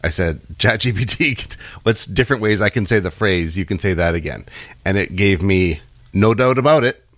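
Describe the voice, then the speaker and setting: A man's voice: deep voice, moderate pace, a bit bright, dry recording. A middle-aged man co-hosting a casual podcast chat, dry and sarcastic, laughing often. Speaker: podcast co-host.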